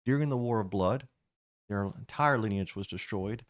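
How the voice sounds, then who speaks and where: A man acting as game master, narrating a tabletop game in a lively, casual way. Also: on the low side, moderate pace, no room sound, clean studio sound.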